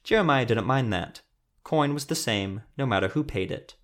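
A man narrating a fantasy story in a measured, steady reading voice. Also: medium pitch.

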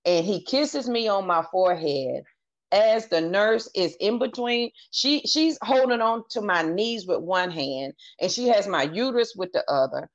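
A woman's voice: mid-range voice, animated, unhurried. A woman guest on a podcast, candidly telling her personal story and acting out what others said in her own voice. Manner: earnest, candid, retells dialogue in her own voice. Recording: dull lo-fi audio.

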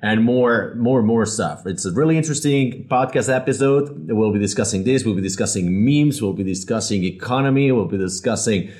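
A man's voice: lowish voice, expressive, brisk, hardly any pauses, darkish tone. A man hosting a podcast, introducing guests in an upbeat, rambling, casual way. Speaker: podcast host and company founder.

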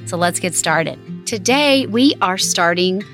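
A woman in her thirties hosting a family prayer and meditation time, speaking slowly and encouragingly to her son. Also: fairly low pitch, lively intonation, fairly bright tone, soft background music. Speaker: host of family devotional. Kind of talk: gentle guided family devotional.

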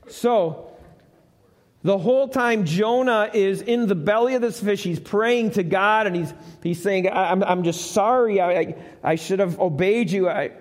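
A male pastor telling a Bible story in a conversational live sermon, asking the congregation questions. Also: high-pitched. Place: church sanctuary. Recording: live church with long reverb.

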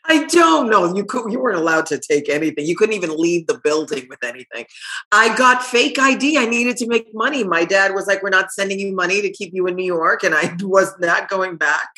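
Bright-voiced Haitian-born woman. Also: on the low side, fast, few pauses. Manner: open, emotional, laughs often. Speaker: guest. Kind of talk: candid conversation.

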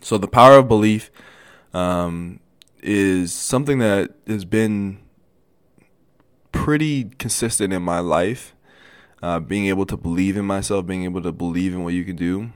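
Young man with a low, earnest voice. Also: smooth, no echo. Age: young adult. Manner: earnest, casual, addresses listeners as "man" and "guys"; halting, with restarts and stutters. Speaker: podcast host. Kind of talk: motivational solo podcast talk.

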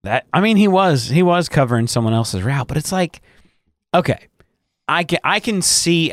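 Podcast co-host, man, mid pitch, swears a lot, dry booth sound. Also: no echo. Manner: profane, animated retelling with quoted voices. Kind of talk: crude casual storytelling.

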